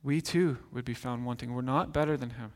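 Earnest pastor preaching in an echoing hall. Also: male voice, medium pitch, a little fast. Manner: earnest, emphatic, dropping softer on key phrases. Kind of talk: sermon. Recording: long reverb in a large hall.

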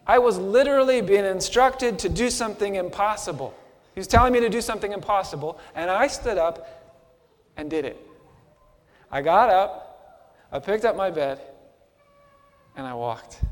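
A man preaching a first-person dramatic sermon monologue, an impassioned storyteller who swings between hushed and shouted lines. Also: sits high, long reverb tail.

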